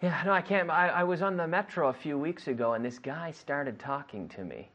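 A native English-speaking man with a slightly high voice runs a classroom drill, talking a little fast and asking the same questions over and over. He's lively and acts out both sides of the dialogue in his English lesson. The highs in the recording are cut off.

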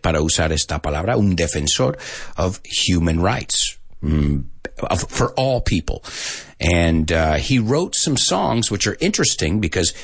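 A man's voice: sits low, slightly rough, no room sound, studio quality. A man hosting a radio show that teaches English, joking with listeners and dropping in Spanish phrases. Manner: playful and jokey, sprinkling in Spanish phrases.

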